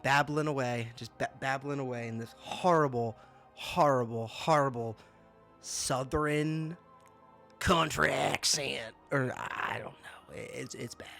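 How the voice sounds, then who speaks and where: A man's voice: medium pitch, measured pace, vocal fry, bright, forceful tone, faint music behind. Exasperated, stammering young man. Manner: exasperated, laughing, stammering repeats. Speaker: booktuber host. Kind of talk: casual review chat.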